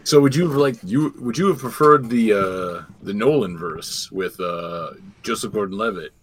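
A man's voice: lowish voice, normal speed, a little hiss or hum. A man in a casual podcast chat who cuts in with skeptical questions.

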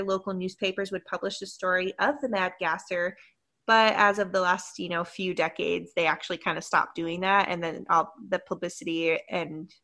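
A woman co-hosting a casual podcast, telling an urban legend from notes and laughing often between lines. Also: medium pitch. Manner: giggly, lively storyteller who laughs often. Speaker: podcast co-host.

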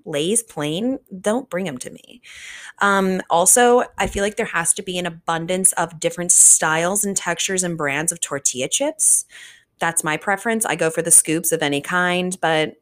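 A woman in her twenties from the Richmond, Virginia area, hosting a podcast in casual solo chat, animated and swearing freely. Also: on the low side, moderate pace. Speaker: podcast host.

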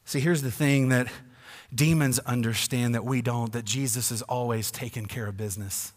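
A male pastor preaching a sermon emphatically, swinging between loud declarations and hushed asides. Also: medium pitch, moderate pace, big-room sound.

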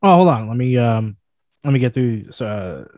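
A man's voice: mid-range voice, animated, normal speed, a little mellow, no echo. Man reading news on a podcast. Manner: reads headlines aloud then riffs with asides. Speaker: podcast host. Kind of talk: casual news discussion podcast.

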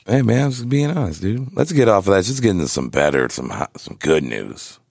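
A man in a casual, profane podcast chat, laid-back and laughing often, with a gravelly voice. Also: low voice, sing-song, a little fast, darkish tone, no echo, studio quality.

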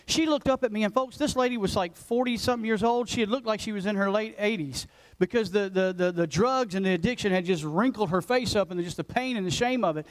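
A man in his forties, a pastor preaching a passionate sermon that swings between loud urgency and hushed intensity. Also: high-pitched, fast, poor audio. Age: 40s. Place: church sanctuary.

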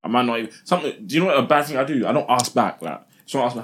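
A man's voice: medium pitch, animated, rapid-fire, a bit bright. A young man, chatting casually on a podcast, slangy and repeating himself as he talks. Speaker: podcast co-host. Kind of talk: casual chat.

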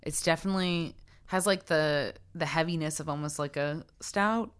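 A woman with a notably low voice talks casually and with playful energy. She often jumps up into quoted voices and then settles back into her deep, easy delivery. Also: moderate pace, smooth. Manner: animated, playful, acts out quoted people. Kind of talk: casual chat.

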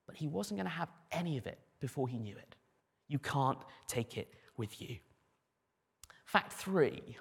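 A man preaching a sermon as pastor, animated, with dry humor and acted quotes. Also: medium pitch, measured pace, vocal fry, breathy edge, long reverb tail.

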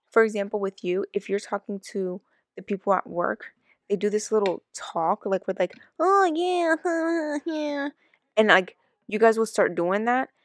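A woman co-hosting a casual chat who rants in quick bursts and talks over her partner. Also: medium pitch, no room sound, clean studio sound. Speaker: podcast co-host.

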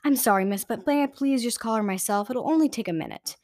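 A woman's voice: a little high, quick pace, darkish tone, no echo, studio quality, close to an everyday voice. A woman voicing an earnest, polite boy who asks careful, insistent questions in a read-aloud story.

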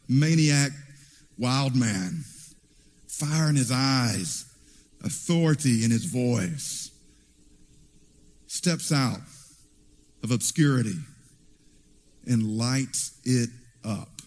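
A man preaching a sermon in an animated storytelling way, heard in a church hall with reverb. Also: medium pitch, slight background noise. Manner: animated storytelling with acted quotes.

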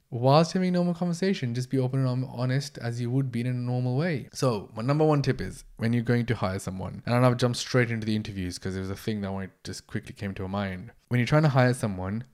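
A man hosting his own podcast in a casual solo monologue, blunt and energetic, swearing freely. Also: mid-range voice. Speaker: podcast host, entrepreneur.

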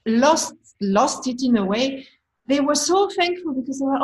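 A woman's voice: sits high, lively intonation, moderate pace, low-quality recording. A woman guest who manages a team, talking frankly and reflectively in a conversational storytelling way, with small restarts.

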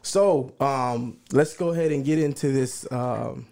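A man's voice: mid-range voice, unhurried, creaky, a little mellow. A man hosting a casual podcast, rambling with plenty of fillers and playful hype. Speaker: podcast host.

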